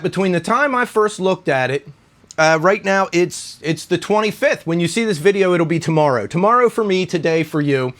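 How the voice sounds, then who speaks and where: This guitar review YouTuber, a middle-aged man, talks brisk and animated in a slightly bright, high-leaning voice. Winded from a run, he rambles casually through his vlog, peppering it with "right?"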